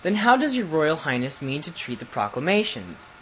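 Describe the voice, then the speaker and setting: A nervous, proper old-world ambassador from a storybook, all courtly phrasing, as a reader puts him on. His pitch leaps high and sharp when alarmed. Faint noise sits underneath. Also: big pitch swings, normal speed, poor audio. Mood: worried formality. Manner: formal, flustered, rising to shrill alarm. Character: excitable ambassador lord, fussy and anxious.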